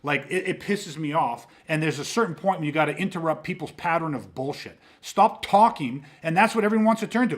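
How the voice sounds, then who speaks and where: A man's voice: fairly high pitch, expressive, a little fast, hardly any pauses. A man hosting a podcast, ranting in an intense, profane, confrontational way. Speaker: podcast host. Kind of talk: podcast rant.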